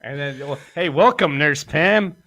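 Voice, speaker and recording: A man's voice: a little high, measured pace, sharp tone, no room sound. A man hosting a podcast, telling a crude comic story in a rambling way and laughing often. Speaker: podcast host.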